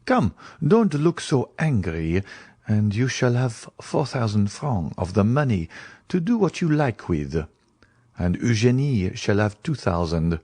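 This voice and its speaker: A man's voice: on the low side, big pitch swings, a little slow, dark tone, no echo. A man voicing a money-minded middle-aged banker in an audiobook, speaking in a confiding, wheedling way.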